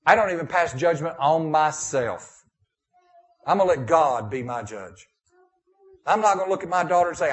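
A man preaching a sermon as pastor, moving between emphatic and hushed tones. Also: a little high, very animated, normal speed. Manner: preaching with rising and falling intensity, dropping to a hushed prayer.

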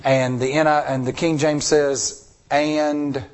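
A male pastor giving an expressive sermon, asking the congregation rhetorical questions and acting out the voices of people he quotes. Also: on the high side, takes it slowly.

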